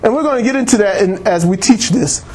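High-voiced man preaching a sermon. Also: animated, fast, darkish tone. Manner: calls for amens, laughs often, reads scripture aloud. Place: church.

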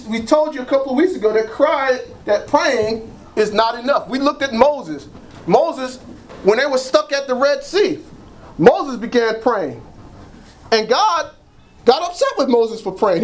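A preacher giving an emphatic sermon that leads the congregation in call-and-response. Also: high voice. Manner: emphatic, repeats phrases, frequent "praise God".

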